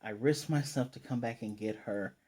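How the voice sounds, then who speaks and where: Man playing a young male spy, anxious and self-critical, muttered, mellow voice. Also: mid-range voice, moderate pace, natural voice.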